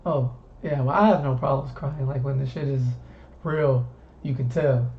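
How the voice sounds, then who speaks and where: A man from the southern US, speaking at normal speed in a mid-range voice, hosts a casual talk stream where he rambles easily and repeats words. The stream audio is muffled, with faint hiss.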